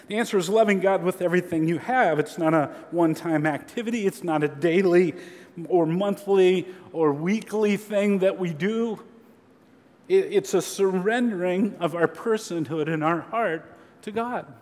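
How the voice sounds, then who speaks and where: A man preaching a sermon as a pastor, earnest and measured, with slow emphatic pauses. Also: high voice, a little mellow. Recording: long hall reverb.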